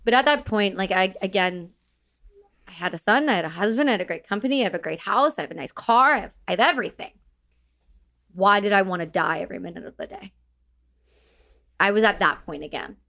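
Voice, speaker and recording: A woman's voice: medium pitch, expressive, brisk, vocal fry, pauses often, bright, forceful tone. A woman telling her story as a podcast guest, blunt and swearing freely. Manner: blunt, swears freely, acts out quoted exchanges. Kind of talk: candid storytelling in conversation.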